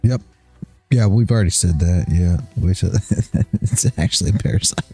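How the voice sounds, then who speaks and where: A man's voice: low voice, normal speed, mellow, breathy edge, soft background music. A tired man hosting a trading livestream, chatting casually, rambling and chuckling as he loses his train of thought. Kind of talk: casual chat.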